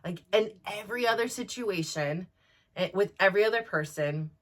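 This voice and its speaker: A woman's voice: mid-range voice, moderate pace, fairly bright tone. A woman in her forties hosting a podcast, talking candidly and rambling with many restarts. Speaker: podcast host. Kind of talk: candid personal monologue.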